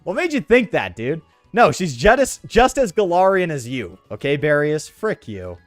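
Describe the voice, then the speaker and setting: A man's voice: a little high, sing-song, measured pace, no echo, soft background music. A young man streaming a game, rambling sarcastically with his chat in slangy, offhand talk. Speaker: gaming streamer. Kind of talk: casual let's-play commentary with chat.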